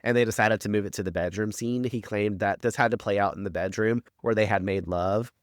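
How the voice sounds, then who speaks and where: Man, podcast recap, low voice, dry close sound, rambling, lots of "like", swears. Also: fairly even intonation, brisk, no room sound. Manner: rambling, filler-heavy, swears freely. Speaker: podcast co-host recapping a TV episode. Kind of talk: casual chat.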